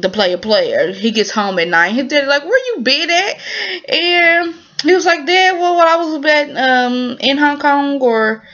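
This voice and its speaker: A woman's voice: medium pitch, lo-fi sound. Chatty woman recapping a drama. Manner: chatty, animated, lots of fillers and asides. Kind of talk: casual spoken recap.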